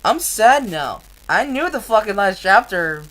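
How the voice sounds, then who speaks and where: A woman reads a novel aloud for a live stream at an unhurried, drawn-out pace. Her voice sits at an ordinary middle pitch, earnest on the page and blunt and profane when she stops to talk. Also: sing-song, a bit bright, low-quality recording. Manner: slow, earnest reading with frequent swearing in asides. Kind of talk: live-streamed book reading with reactions.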